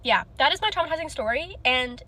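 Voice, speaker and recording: A woman's voice: sits high, animated, fast, bright, forceful tone, slight background noise. A woman hairstylist telling a storytime in a rambling way, full of "like" fillers. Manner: rambling, heavy use of "like". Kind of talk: casual storytime.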